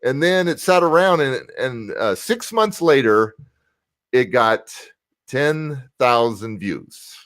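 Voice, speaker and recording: An upbeat man from the United States talks as a guest on a live video-call interview and keeps breaking off to greet viewers by name. His voice sits at a medium pitch. The sound is dry and close, with no room around it. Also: expressive, slow, fairly bright tone, no room sound. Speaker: guest, motivational speaker and rapper. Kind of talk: casual livestream interview.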